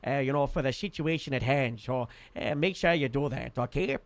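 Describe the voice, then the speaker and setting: A man's voice: mid-range voice, moderate pace, vocal fry, no echo. A man playing a police captain in a role-play, giving a casual briefing that rambles, full of "uh" and "you know".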